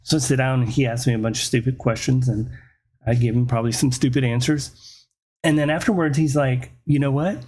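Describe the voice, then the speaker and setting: A man's voice: mid-range voice, steady tone, fairly quick, darkish tone. A man, hosting his own show and ranting through a rambling, profane comedic story. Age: 40s. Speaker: host.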